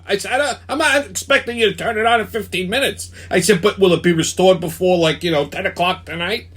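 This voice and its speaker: A man's voice: high-pitched, lively intonation, brisk, a bit bright, slightly rough. A man, hosting a ranting weekly commentary, heated and swearing constantly. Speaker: show host.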